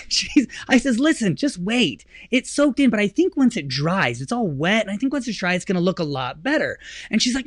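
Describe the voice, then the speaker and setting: A man in his thirties tells a story on a business talk show in an animated, chatty way. His pitch swings widely as he acts out the people he quotes. The sound is dry and close, with no room around it. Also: normal speed, few pauses, no room sound. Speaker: podcast host. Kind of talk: casual storytelling chat.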